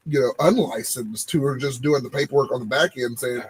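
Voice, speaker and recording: A man, co-hosting a casual podcast and telling animated stories about his old job. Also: medium pitch, quick pace, breathy edge, poor audio. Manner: animated storytelling, repeating phrases. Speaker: podcast co-host. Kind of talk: casual chat.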